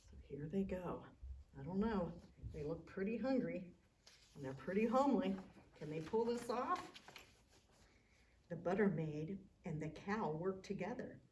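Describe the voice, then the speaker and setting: A woman librarian reading a picture book aloud to children, adding gentle, chatty asides. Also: fairly low pitch, animated, unhurried, pauses often, far from the mic, a little hiss or hum.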